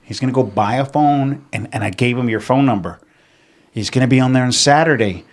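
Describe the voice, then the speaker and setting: A middle-aged man from San Antonio, a podcast guest, telling animated stories in casual chat, acting out quotes and swearing freely. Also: medium pitch, fairly quick. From San Antonio, Texas. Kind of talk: casual storytelling.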